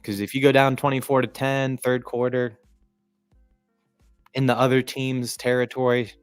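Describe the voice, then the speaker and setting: A man hosting a sports live stream, talking in a casual, rambling, profane way and often clearing his throat. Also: medium pitch, little pitch movement, normal speed, no room sound, soft background music. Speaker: livestream sports commentator.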